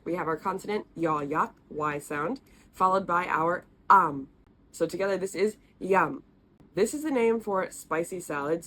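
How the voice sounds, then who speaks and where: A woman teaching the letters and sounds of an alphabet in a friendly, patient way, repeating each sound slowly. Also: lowish voice, a little hiss or hum. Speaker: language teacher. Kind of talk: explaining, recorded lesson.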